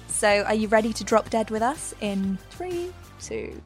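A woman's voice: fairly high pitch, animated, measured pace, loud music behind the voice. A woman co-hosting a podcast, playful and giggly in banter with her partner. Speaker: podcast co-host.

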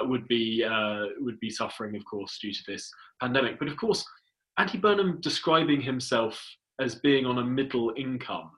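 A man hosting a political podcast, talking in a measured, dry way with hesitant fillers. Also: medium pitch, a bit bright, low-quality recording. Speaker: podcast host. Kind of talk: casual political chat.

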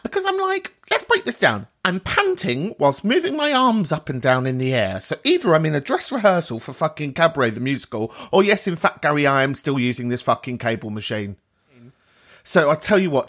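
Lively, sweary male host with a self-mocking comic delivery and a wide-ranging voice. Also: on the high side. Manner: sweary, animated and self-mocking, laughs often. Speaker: podcast host. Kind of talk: comic monologue and show intro.

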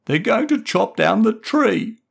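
A small, excitable boy, high-pitched and loud. His voice leaps around with big swings of pitch. He sounds close to tears. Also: unhurried, vocal fry, breathy edge, heavily acted. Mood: upset. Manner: high crying squeals. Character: young boy, tearful and excitable.

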